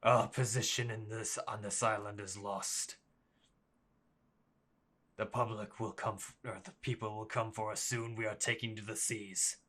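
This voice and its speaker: A man voicing a commanding bandit chief in a tabletop game, giving measured, clipped orders. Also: lowish voice, level tone, fairly bright tone. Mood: grim command.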